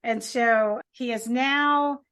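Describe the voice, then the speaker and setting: A woman's voice: fairly high pitch, steady tone, takes it slowly, a bit bright. A woman co-hosting a podcast, chatting casually and laughing often. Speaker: podcast co-host. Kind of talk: casual chat.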